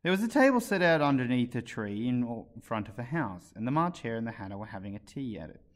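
Animated male storyteller reading aloud. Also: medium pitch, fast. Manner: expressive, animated read-aloud. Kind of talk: reading a children's book aloud.

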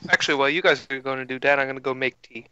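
Hesitant bright-voiced young man. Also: mid-range voice, fairly even intonation, rapid-fire, clear, resonant tone, muffled recording. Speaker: player. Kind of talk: casual tabletop game chat.

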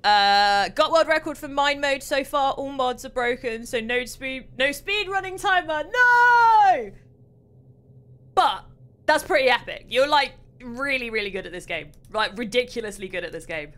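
A young British woman hosting a casual gameplay livestream, excitable, chatty and quick to mock herself. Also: high-pitched. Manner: excitable, chatty, self-mocking. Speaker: streamer host.

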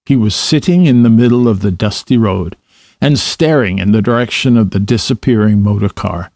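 A man narrating a children's storybook in a slow, measured way. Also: on the low side, darkish tone, dry recording, clean studio sound.

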